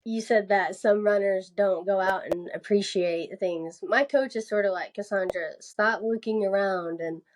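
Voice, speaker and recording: A woman's voice: medium pitch, steady tone, measured pace, hardly any pauses. A young woman from the American South chatting casually as a podcast guest, laughing often and filling her speech with "like". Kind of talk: casual interview chat.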